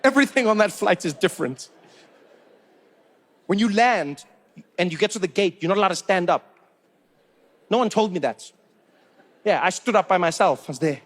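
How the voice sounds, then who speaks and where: A man from Africa, telling stand-up stories with animated disbelief. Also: sits high, normal speed, long pauses. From South Africa. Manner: animated, incredulous storytelling. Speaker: stand-up comedian. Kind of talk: stand-up comedy.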